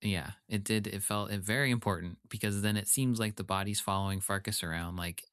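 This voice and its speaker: A man with a fairly low voice chats casually as a podcast co-host. He is wry, laughs easily, and mimics characters when quoting them. The recording is dry and close. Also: fairly even intonation, brisk, a bit bright, clear, resonant tone, dry recording. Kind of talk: casual chat.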